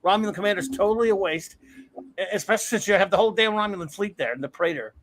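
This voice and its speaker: Male co-host, high voice, angry sarcastic ranter. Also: very fast, a bit bright, slight background noise. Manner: angry, sarcastic, profane, exasperated. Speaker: podcast co-host. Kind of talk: casual ranting chat.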